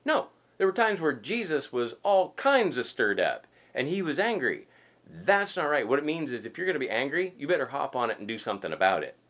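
Animated male pastor preaching casually. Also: medium pitch, fairly quick. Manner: emphatic, repeats points, folksy asides. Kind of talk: conversational sermon.

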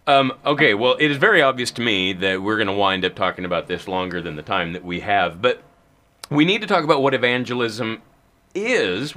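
A man's voice: medium pitch, sharp tone. A man hosting a Christian talk show, speaking emphatically with teasing, preacherly punchlines. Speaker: host.

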